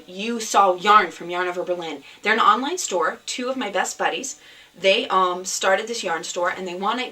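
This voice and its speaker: A woman hosts a homemade knitting podcast in easy, rambling chat full of ums and false starts. Her voice is bright and slightly low for a woman. The camera mic sits a bit away from her, so she sounds a touch distant. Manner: chatty, rambling, with many fillers and restarts. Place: at home, indoors.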